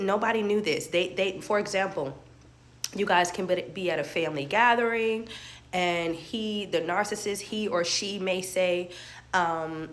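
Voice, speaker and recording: Woman coach talking to her viewers, kinda low voice, earnest, says stuff twice to make it stick. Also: slight background noise. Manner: earnest, repeats points, addresses viewers directly. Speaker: life coach. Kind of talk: motivational talk to viewers.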